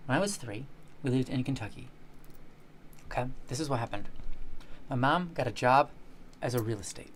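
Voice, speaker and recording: A woman's voice: a bass voice, lively intonation, normal speed, pauses often, slight background noise. A woman in her thirties from Michigan, chatting on a live stream and telling a rambling, playful story full of restarts. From Michigan, United States. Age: 30s. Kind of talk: casual live-stream chat.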